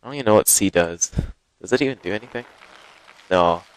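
A man giving live, excitable commentary while playing a game, exclaiming and gasping often, recorded on a headset. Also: lowish voice, quick pace, a little hiss or hum. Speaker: gaming video host.

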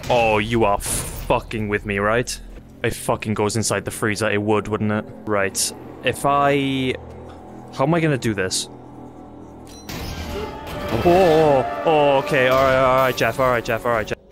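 A man narrates his own gameplay with a steady stream of nervous, profane chatter, breaking into sudden yelps when things go wrong. His voice sits at an ordinary middle pitch, with a little music playing faintly underneath. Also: measured pace. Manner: jittery, swearing, yelps in panic. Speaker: gaming YouTuber. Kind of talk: live let's-play commentary.

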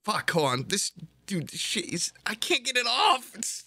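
A man's voice: high-pitched, normal speed, slightly rough, no room sound. A young man co-hosting a podcast, telling profane stories in a casual chat and acting out the people in them. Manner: profane, animated storytelling with voiced impressions. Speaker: podcast co-host.

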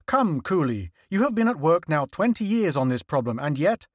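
A man's voice: fairly high pitch, very animated, moderate pace, no room sound, clean studio sound. A man voicing an imperious, wealthy male newspaper magnate who fires off demanding, impatient questions. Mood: brisk, demanding.

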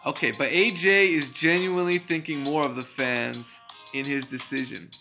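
A man's voice: fairly high pitch, steady tone, moderate pace, bright, forceful tone, faint music behind. A man giving casual boxing news commentary, ranting in a profane, exasperated way and laughing between points.

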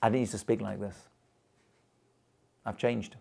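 A man's voice: on the low side, fairly even intonation, a little slow, creaky, darkish tone, husky. A man, a rabbi, teaching a live class in an informal, emphatic way, repeating points and chuckling as he goes. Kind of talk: lively informal lecture to a live group.

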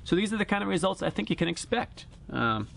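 A man with a high-pitched, gravelly, slightly bright voice talks fast and swings widely in pitch as he reviews an airgun at an outdoor range. It's a casual, joking product vlog, chatty and plain-spoken, caught on a camera-mounted shotgun mic with a little hiss or hum.

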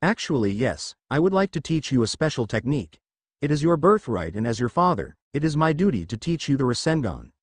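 A calm, measured village leader and estranged father, as a man reads him in a fanfiction story. The voice rises and falls a lot in pitch. It is recorded dry and close. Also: dry recording. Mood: earnest. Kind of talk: fanfiction read-aloud.

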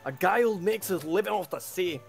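A gamer voicing a gruff sailor in a put-on Scottish accent, reading game dialogue loudly. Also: mid-range voice, lively intonation, a little fast, soft background music. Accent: mock Scottish. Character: gruff male sailor who refuses to sell a boat.

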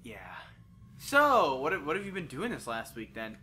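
A man's voice: on the high side, sing-song, measured pace. Profane ranting young man. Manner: loud, profane ranting and mock outrage. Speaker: co-host. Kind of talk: casual gaming banter.

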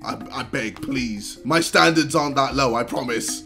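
A young man hosting a casual reaction video, who swears a lot and laughs and shouts often. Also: mid-range voice, moderate pace, hardly any pauses, faint music behind. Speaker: video host reacting to clips.

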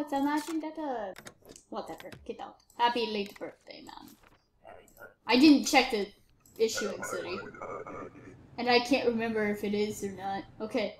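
A high-pitched woman talks through a game in a lively, animated way. She barks orders in a bossy, mock-stern put-on accent. Her voice rings around an echoey room. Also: unhurried, a little hiss or hum. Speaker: let's play gamer. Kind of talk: casual game commentary.

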